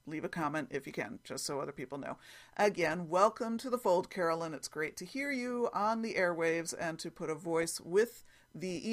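A woman hosts her own podcast in a loose, chatty way, her voice sitting a little low. She rambles and corrects herself as she talks, recorded at home on a computer microphone. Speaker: podcast host. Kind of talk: casual chat.

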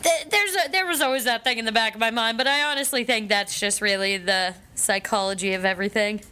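Woman, bright clear voice, a bit high, rambling comedy chat, heavy on fillers. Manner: rambling, fast storytelling with constant fillers and swearing. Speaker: co-host.

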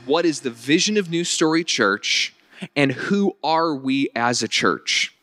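A pastor in his late twenties preaching a sermon in a conversational, energetic way, often restarting his sentences. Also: fairly high pitch, measured pace, no echo, studio quality, faint music behind. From Northern Virginia. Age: late 20s.

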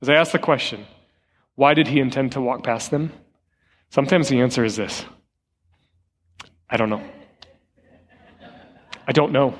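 Man preaching in a reverberant church hall. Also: medium pitch. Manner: conversational storytelling with rhetorical questions. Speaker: interim lead pastor. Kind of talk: sermon. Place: church sanctuary.

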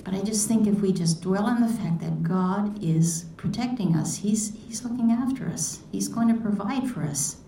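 A woman's voice: medium pitch, moderate pace, few pauses, warm tone, a little hiss or hum. A woman giving a personal devotional talk, reflective and asking many questions as she reads scripture and tells a story. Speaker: devotional speaker. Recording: echoey room, mic at a distance.

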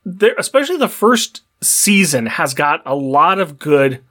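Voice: medium pitch, big pitch swings, measured pace, a bit bright. A podcast co-host chatting casually about shows, teasing the other host and steering the talk back on topic. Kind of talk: casual chat.

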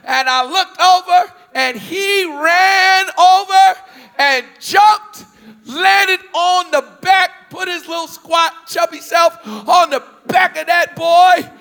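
A man from the US Northeast preaching a storytelling sermon to a big congregation, animated, with repeated questions and bursts of shouting. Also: extremely high pitch, slow pace, gravelly. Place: large church hall with thousands present. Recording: large hall reverb.

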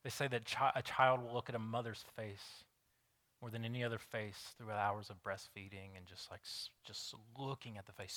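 A man's voice: medium pitch, bright, forceful tone. A man in his thirties preaching a sermon in a conversational, storytelling way, often restarting sentences. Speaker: pastor.

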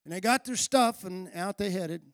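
A man preaching a sermon as pastor, telling a story and acting out its dialogue, then building to shouted emphasis. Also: sits high, normal speed, dry recording, clean studio sound.

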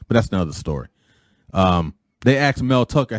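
Low-voiced rambling podcast host, a man. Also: big pitch swings, normal speed, no room sound. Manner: rambling, repeats himself, paraphrases others. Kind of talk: casual opening monologue.

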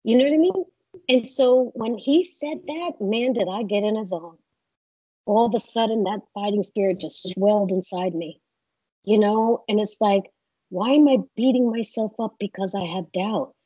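A woman guest in a casual interview, telling animated stories and acting out what people said. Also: mid-range voice, normal speed, husky, dry recording, low-quality recording. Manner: animated storyteller, acts out quotes.

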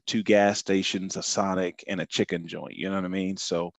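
A man with a low, deep voice and an Oklahoma twang chats as a podcast guest. He talks in an easygoing, folksy way and drops in a "y'all" here and there. The sound is dry and close, with no room echo. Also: level tone, moderate pace, gravelly. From Oklahoma City. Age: adult, married father. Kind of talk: casual conversation.

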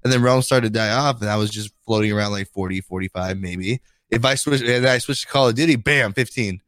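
A man's voice: lowish voice, a little fast, a bit bright, no room sound, clean studio sound. A man co-hosting a casual podcast, laid-back, often saying "you know" and "dude". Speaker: podcast co-host. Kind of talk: casual chat.

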